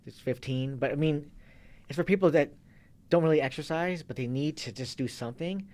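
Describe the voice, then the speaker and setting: A man's voice: a little high, a little fast, darkish tone. A man, a fitness and kettlebell coach, talking loosely as an interview guest and restarting his sentences often. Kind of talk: casual interview talk.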